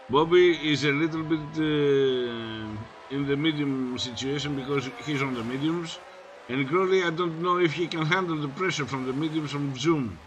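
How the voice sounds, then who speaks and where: A man's voice: medium pitch, a bit bright, slight background noise. A man who is not a native English speaker, co-commentating a live sim race in a laid-back, analytical way.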